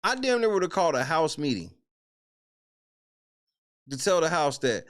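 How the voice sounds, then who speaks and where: A man in casual commentary, voice sitting a touch high and swinging widely in pitch. He talks in profane bursts and exclaims in disbelief. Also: very animated, moderate pace, long pauses. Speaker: host. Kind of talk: casual commentary on a reality show.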